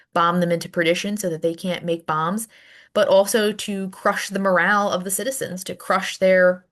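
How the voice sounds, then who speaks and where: A woman teaching a recorded history lecture in a conversational way, often restarting and repeating words as she goes. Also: fairly low pitch.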